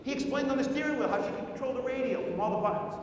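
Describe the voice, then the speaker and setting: High-voiced man speaking in an echoey hall. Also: racing, distant mic, a little hiss or hum. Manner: rhetorical questions to the audience; acts out the other people in his story. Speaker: conference speaker. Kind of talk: sales training talk told as a story. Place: large conference hall.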